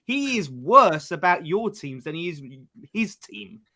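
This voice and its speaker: A man's voice: high voice, very animated, a little slow, sharp tone. A man on a football podcast teasing the others in casual banter. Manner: teasing, needling. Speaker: podcast panelist.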